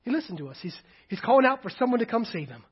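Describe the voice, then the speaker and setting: A pastor preaching with a high, husky voice that moves between forceful emphasis and quiet, hushed passages. The recording is dull and lo-fi, like a church sermon tape. He sounds earnest and direct. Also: very animated, quick pace. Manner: emphatic, swings from loud to hushed while reading Scripture.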